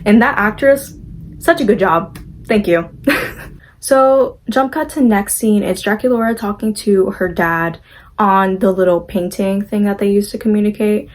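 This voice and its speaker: A woman's voice: mid-range voice, moderate pace, poor audio. A young woman casually recapping a movie, chatty and gushing, acting out the characters' lines as she goes.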